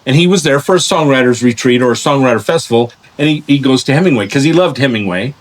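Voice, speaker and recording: A man hosting a podcast, telling long stories in a lively way, with many restarts and repeated words. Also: mid-range voice, fast talker. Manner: animated storyteller, acts out voices in anecdotes. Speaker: podcast host. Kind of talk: casual interview chat.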